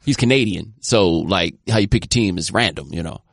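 Male podcast guest, lowish voice, dry sound, teasing and wry. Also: fairly quick, creaky, no room sound. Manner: wry, teasing, rambling jokes. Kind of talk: casual sports podcast chat.

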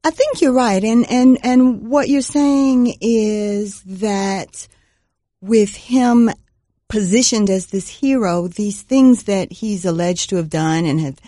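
A woman writer, a guest on a podcast, speaking in a soft, delicate voice and choosing her words with care. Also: mid-range voice, no echo, clean studio sound. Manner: measured, searching for words. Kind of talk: conversational interview.

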